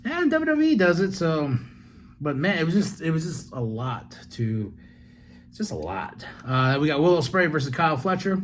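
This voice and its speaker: A man hosting a solo podcast, recapping a wrestling show in a loose, excitable way with swearing, asides and laughs. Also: fairly high pitch, moderate pace, a little hiss or hum. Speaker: podcast host.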